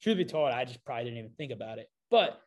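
A man hosting a podcast, telling a self-deprecating story in a casual, animated way with frequent fillers. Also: medium pitch, rapid-fire. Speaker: podcast host.

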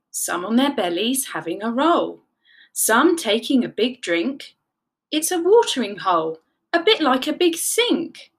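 A woman narrating a children's story, animated and encouraging, leading the listeners in counting. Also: fairly high pitch, slightly rough.

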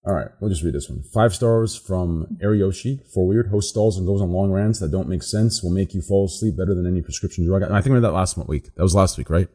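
Low, mellow-voiced man reading reviews. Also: quick pace, few pauses, husky. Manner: laid-back, trails off and repeats words, swears when amused. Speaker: podcast co-host reading listener reviews. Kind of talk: casual podcast chat.

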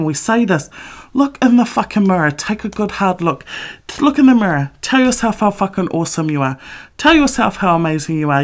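Middle-aged woman ranting motivational stuff, blunt, swears a lot, punchy. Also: medium pitch. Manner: blunt, heavy swearing, emphatic. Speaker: author and vlogger. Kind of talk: motivational monologue.

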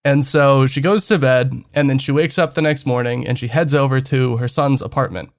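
A man's voice: medium pitch, normal speed. A young man on a podcast telling a story in casual chat, rambling and hesitant with many fillers. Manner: rambling, hesitant, laughs through his own story. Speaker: podcast co-host.

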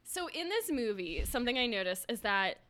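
A woman chatting on a podcast in a bubbly way, quick to laugh. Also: a little high, sing-song, a bit bright. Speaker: podcast guest. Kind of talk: casual chat.

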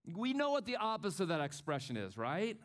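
Animated man preaching a sermon. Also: high voice, a little fast. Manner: animated, acts out quotes with swings in loudness. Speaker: pastor.

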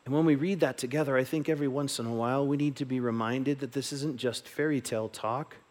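A man pastor giving a sermon, moving between loud, emphatic declarations and soft, hushed reading. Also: medium pitch, steady tone, fast talker.

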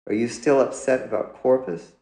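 A man's voice: mid-range voice, moderate pace, dark tone, echoey room, pitched above the performer's own voice, natural voice. A man voicing an anxious, peevish middle-aged mother who turns pleading and defensive, read out in a story.

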